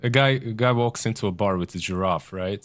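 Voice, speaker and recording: A man's voice: on the low side, fairly quick, no room sound. A man co-casting an esports broadcast, bantering playfully and laughing often. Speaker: esports co-caster. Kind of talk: casual on-air banter.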